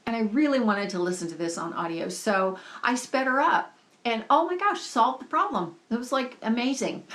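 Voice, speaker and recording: A woman's voice: mid-range voice, fairly bright tone. A woman book vlogger talking in a chatty, enthusiastic, gushing way about what she is reading. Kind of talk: casual book-review vlog.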